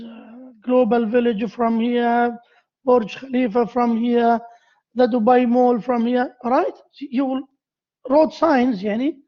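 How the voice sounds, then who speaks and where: A woman with an Arabic accent giving a university lecture. She pauses often, repeats key phrases and asks the class questions. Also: fairly high pitch. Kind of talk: classroom lecture on essay writing. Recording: dull lo-fi lecture recording.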